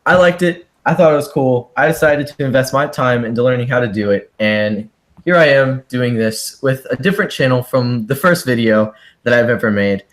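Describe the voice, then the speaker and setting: A man's voice: medium pitch, moderate pace. Young guy, student, casual interviewer, easy and hesitant, mid-range voice. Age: young adult. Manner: relaxed, hesitant, lots of ums. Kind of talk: casual chat.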